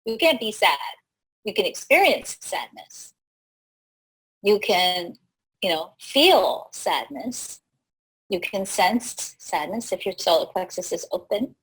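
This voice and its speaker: Woman host explaining stuff on a live stream, kinda husky, keeps going "right?" and laughing. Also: mid-range voice, takes it slowly, low-quality recording. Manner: animated, teacherly, often tags "right?"; laughs easily mid-sentence. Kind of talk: live-streamed teaching talk.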